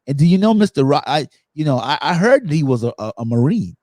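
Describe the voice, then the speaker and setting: Man, podcast host, lively storytelling, fairly high voice, dry sound. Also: fairly quick, no room sound. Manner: animated storytelling, acts out quotes. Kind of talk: casual chat.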